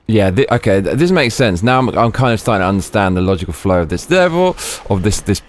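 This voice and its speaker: A man streaming a video game, talking excitedly, swearing a lot and restarting his sentences. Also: lowish voice, quick pace. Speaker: gaming streamer. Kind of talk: let's play commentary.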